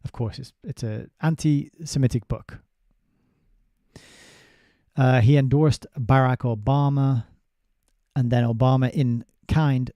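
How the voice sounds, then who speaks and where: Male book reviewer with a deep, warm, dark tone and a dry close sound. He is sardonic and halting. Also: fairly even intonation, no room sound. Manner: sardonic asides with halting restarts. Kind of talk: casual spoken book review, reading passages aloud.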